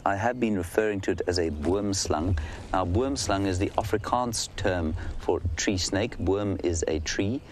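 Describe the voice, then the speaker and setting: A man's voice: low voice, darkish tone, a little hiss or hum. A man hosting a live safari broadcast, chatting and explaining to viewers while answering their questions by name. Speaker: safari guide and live host. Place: outdoors in the bush. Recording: faint outdoor ambience behind.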